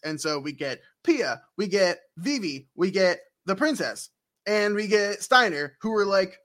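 Man, podcast co-host, casual game recap, rambling, slightly high pitch, bright. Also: lively intonation, moderate pace. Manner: rambling, lots of ums, acts out scenes.

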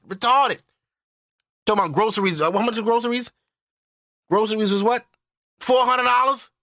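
A man rants into the mic on his podcast, loud, profane and disbelieving. His voice sits high and sounds bright. The room is dry. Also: dry recording. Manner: loud, profane, incredulous ranting. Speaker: podcast host. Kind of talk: ranting solo podcast commentary.

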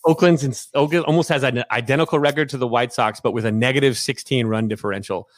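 A man's voice: medium pitch, fast, no room sound. A man co-hosting a podcast, riffing and joking with profanity in casual sports chat. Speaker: podcast co-host.

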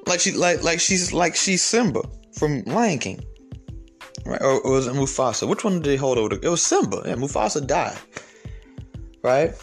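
A young man giving a blunt, confrontational commentary rant, profane and rambling with frequent restarts. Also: medium pitch. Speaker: commentary vlogger. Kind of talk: ranting commentary to camera.

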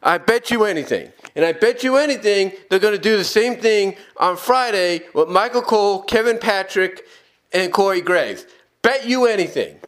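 A man hosting a solo opinion podcast with a fairly high voice. He talks emphatically and keeps repeating his points to drive them home. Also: lively intonation, moderate pace, a bit bright. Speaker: podcast host.

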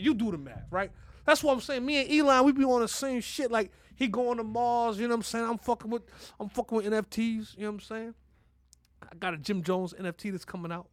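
A man's voice: very high voice, fairly bright tone, no echo, clean studio sound. A man hosting a podcast in a brash, profane casual rant, constantly asking "you know what I'm saying". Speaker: podcast host.

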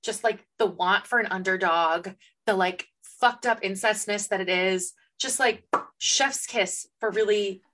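A woman's voice: mid-range voice, a little slow, bright, forceful tone. A young woman co-hosting a casual book podcast, speaking emphatically with strong opinions and casual swearing. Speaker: podcast co-host. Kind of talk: casual chat.

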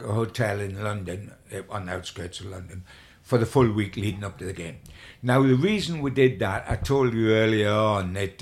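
A man's voice: fairly low pitch, vocal fry. An older man, a sports journalist, telling long rambling anecdotes in an interview, with frequent restarts.

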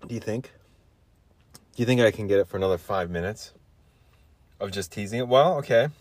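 A young man with a fairly low voice hosting a solo podcast. He wanders from tangent to tangent and keeps teasing his listeners. The recording is dry and close, with no room echo. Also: brisk, darkish tone. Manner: joking, self-teasing, meandering. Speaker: podcast host. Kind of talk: rambling solo podcast chat.

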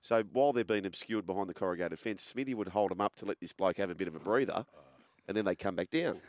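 Australian man, lowish voice, dry close sound, casual storytelling host. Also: quick pace, no echo.

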